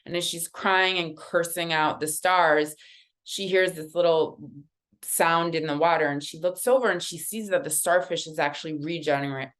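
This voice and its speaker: Animated woman telling a story over oracle cards. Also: sits low, normal speed. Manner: animated, conversational, many fillers. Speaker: guest artist reading oracle cards. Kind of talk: casual storytelling during a card reading.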